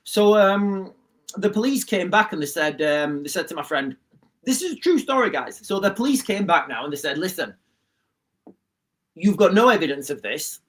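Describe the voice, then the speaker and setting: A man's voice: sits high, animated, normal speed. A man, hosting a casual political commentary livestream, repeating himself and calling the viewers guys. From Rotherham, England. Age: 40s. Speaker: livestream host.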